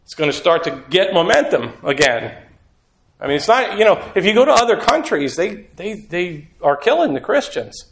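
An earnest male preacher talks through his sermon in a conversational way, slipping into voices for quotes. His voice sits a little above a usual man's pitch. The hall around him rings with echo. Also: sing-song, moderate pace, fairly bright tone. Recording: echoey room.

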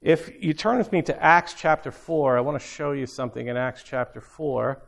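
A man's voice: medium pitch, normal speed, vocal fry. A middle-aged man preaching an informal sermon, talking conversationally and repeating phrases for emphasis.

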